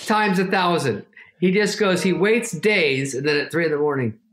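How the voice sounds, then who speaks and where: A man's voice: a little high, animated, moderate pace, a bit bright. Dry, wry male comic in a roomy space. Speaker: comedian guest. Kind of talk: wry anecdote telling.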